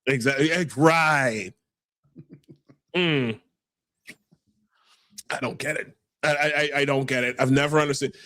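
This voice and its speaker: A man's voice: mid-range voice, unhurried, long pauses, bright, forceful tone, no echo. A man with a New York accent hosting a casual livestream, brash and stammering as he reads chat aloud. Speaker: podcast host.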